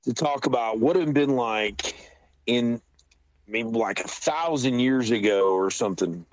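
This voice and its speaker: A man co-hosting a casual podcast chat, rambling and halting as he works through his ideas. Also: medium pitch, dry recording. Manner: rambling, slow and halting, with restarts. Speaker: podcast co-host.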